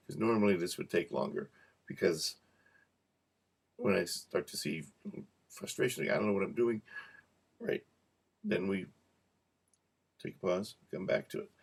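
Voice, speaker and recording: Slow, gravelly male instructor. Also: sits low. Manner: repeats practice words slowly, jokes softly. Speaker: cueing instructor. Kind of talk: relaxed teaching to camera.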